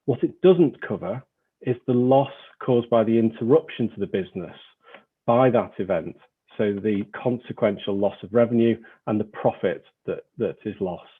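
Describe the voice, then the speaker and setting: A man with a Northern English accent presenting as an insurance lawyer in a webinar, measured and explanatory. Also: fairly low pitch, husky, narrow, tinny audio.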